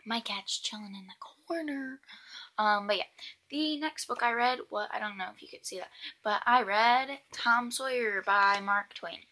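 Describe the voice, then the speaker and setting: Bright-voiced thirteen-year-old girl vlogging. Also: on the high side, moderate pace. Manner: chatty, frequent ums and asides. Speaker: book vlogger. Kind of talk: casual book review vlog.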